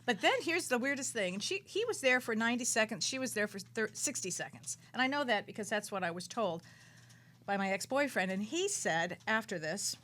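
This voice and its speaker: Dramatic woman telling a story, higher voice. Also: fairly quick. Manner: animated, dramatic storytelling with big swings in pitch and loudness; repeats words for emphasis and restarts sentences. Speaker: psychic medium guest. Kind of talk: radio talk show storytelling.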